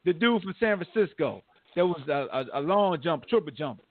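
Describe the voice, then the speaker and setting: A man with a high voice hosts a sports podcast and rants in casual slang. He pokes fun at whoever he is talking about. The sound is thin and narrow, like a phone line. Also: moderate pace. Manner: animated, trash-talking rant with slang. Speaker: podcast host.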